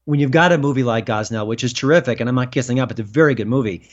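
A man being interviewed as a film critic, talking emphatically and rising in pitch when indignant. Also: rapid-fire. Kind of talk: political interview. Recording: dull lo-fi sound.

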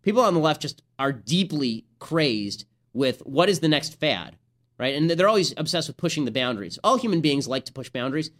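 A young man hosting a podcast, delivering a sarcastic, rapid-fire political commentary monologue. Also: on the high side, very animated, fairly bright tone. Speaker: podcast host.

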